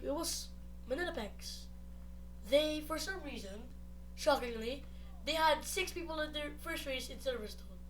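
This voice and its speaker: A woman commentating on a racing league, muttering asides between shouted, excited play-by-play. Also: high voice, normal speed, a little hiss or hum. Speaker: race commentator.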